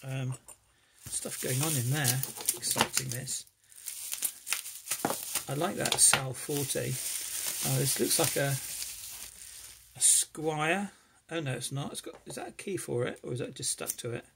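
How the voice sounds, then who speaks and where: A man's voice: mid-range voice, a little slow, vocal fry, pauses often, very noisy. A man chatting enthusiastically as he opens packages for his lockpicking vlog, rambling and thankful. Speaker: lockpicking hobbyist vlogger. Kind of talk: casual unboxing chat.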